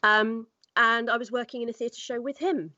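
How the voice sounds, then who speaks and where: A woman's voice: fairly high pitch, steady tone, moderate pace, sharp tone, no room sound, highs cut off. A woman voice actor chatting casually on a podcast, with many fillers. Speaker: guest voice actor.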